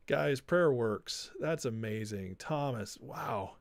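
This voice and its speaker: A man's voice: fairly high pitch, lively intonation, unhurried, dry recording. A man hosting a casual political livestream, talking loosely and reading viewer comments aloud. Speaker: livestream host.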